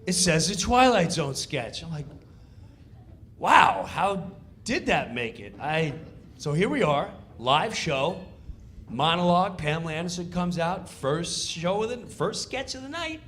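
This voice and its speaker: A man telling a comedic story, acting out voices and countdowns in an animated way. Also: fairly high pitch, normal speed, a little hiss or hum.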